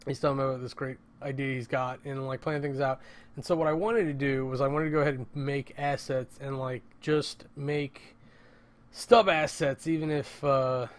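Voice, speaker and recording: A man's voice: mid-range voice, steady tone, normal speed. A man rambling casually at home in a vlog, interrupting himself and swearing often. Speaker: vlogger.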